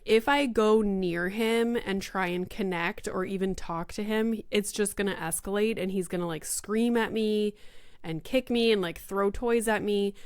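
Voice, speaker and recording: Young woman, podcast host, casual storytelling, smooth voice, mid pitch. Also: no room sound, studio quality. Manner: chatty, lots of "like" and "you know", quotes herself in lively voices.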